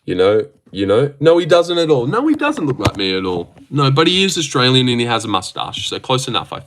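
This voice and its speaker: A man's voice: mid-range voice, wildly swooping pitch, brisk, few pauses, fairly bright tone. A young man hosting a casual livestream, reading viewer comments aloud and bantering back in a joking way. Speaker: livestream host. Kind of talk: casual live-stream chat.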